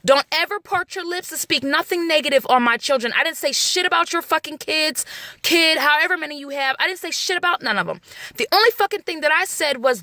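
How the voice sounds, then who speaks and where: A mother vents straight into the camera, blunt and heavy with profanity and hard emphasis. Her voice sits high and sharp, and the recording is dry and close with no room sound. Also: lively intonation, brisk, dry recording. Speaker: vlogger, mother.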